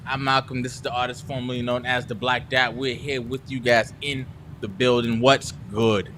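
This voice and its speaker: A young man hosting a podcast in casual chat, upbeat and quick to react. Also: mid-range voice, little pitch movement, background noise. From United States. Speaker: podcast host.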